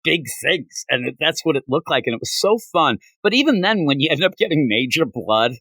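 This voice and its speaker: A man's voice: on the high side, big pitch swings, a little fast, pushed and bright, slightly rough, no room sound. A man hosting a comics podcast, talking casually and animatedly, often repeating "I'm telling you.". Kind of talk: casual chat.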